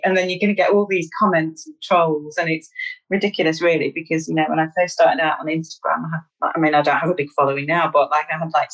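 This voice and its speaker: A woman from Manchester, England, with a Mancunian accent speaks candidly and self-deprecatingly as a podcast interview guest, using fillers. Her voice sits low, and the recording quality is poor.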